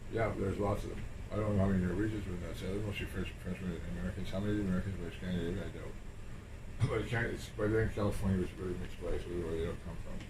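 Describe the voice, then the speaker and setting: A man's voice: sits low, fairly even intonation, rapid-fire. A man chatting casually in a rambling way, repeating himself and swearing now and then. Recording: roomy and distant with air-conditioner hum.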